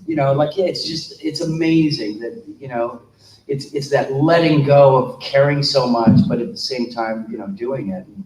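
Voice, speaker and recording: Chatty actor on a convention panel. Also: male voice, mid-range voice, moderate pace, a little mellow. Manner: chatty, leans on fillers. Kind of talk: casual anecdote on a convention panel. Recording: distant, echoey room with faint hum.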